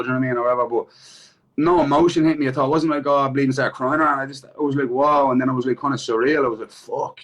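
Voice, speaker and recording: A man's voice: mid-range voice, rough recording. Irish fighter guy rambling in an interview, lots of swearing, "do you know what i mean" every other line. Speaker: MMA fighter guest. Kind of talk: casual interview chat.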